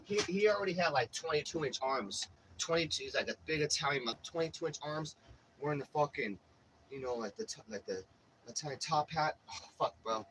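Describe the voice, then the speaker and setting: A man's voice: fairly high pitch, expressive, a little fast, a bit bright, slight background noise, rough recording. A man livestreaming, telling rambling stories to his chat in a casual, profane way with many restarts. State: says he has a headache.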